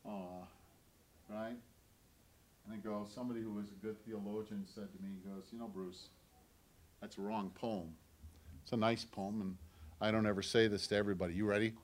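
A male pastor preaches a sermon earnestly, weaving in personal stories. He moves between loud, emphatic lines and hushed near-whispers, in a mid-range voice at a moderate pace.

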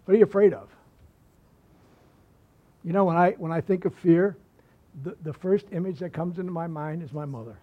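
A man's voice: a little high, normal speed, pauses often. A male pastor preaching a sermon, telling stories in a folksy way with repeated phrases and asides. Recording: slightly muffled recording.

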